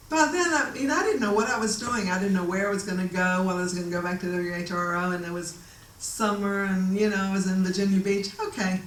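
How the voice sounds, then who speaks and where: A woman telling a story from her own life in a casual, animated way, often laughing and acting out the voices of the people in it. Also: mid-range voice, fast, few pauses, a little hiss or hum. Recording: echoey room, voice a bit distant.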